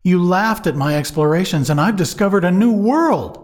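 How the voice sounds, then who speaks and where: A man voicing a triumphant deep-sea explorer who speaks proudly and emphatically. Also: animated, moderate pace.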